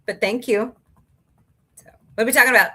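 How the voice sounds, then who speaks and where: A woman's voice: on the high side, a little fast, pushed and bright, slightly rough. A woman hosting a casual livestream, reading out viewer comments and chatting with sarcastic jokes and laughs. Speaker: livestream host.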